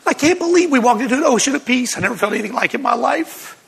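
An older male pastor gives a personal testimony sermon in a high, gravelly, husky voice, racing through his story with strong emotion and frequent short laughs. His delivery is expressive and a bit bright, and a long hall echo trails every word.

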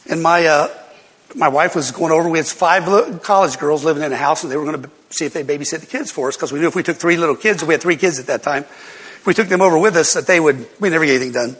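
A man's voice: fairly high pitch, a bit bright, breathy edge, in a large hall. An older man, a pastor, telling a personal testimony to his congregation as an emotional storyteller who laughs between lines.

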